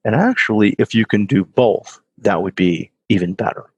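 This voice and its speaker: A man's voice: fairly low pitch, moderate pace, darkish tone, husky, no room sound, muffled recording. A man giving an earnest motivational talk to an audience he calls guys, repeating phrases for emphasis. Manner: earnest, repetitive, addresses listeners as guys.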